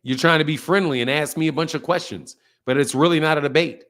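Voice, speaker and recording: A man hosting a boxing livestream talks in a fairly high voice, profane and confrontational. He ranges between loud outbursts and quieter mutters as he lectures his viewers. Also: fast. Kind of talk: heated livestream rant.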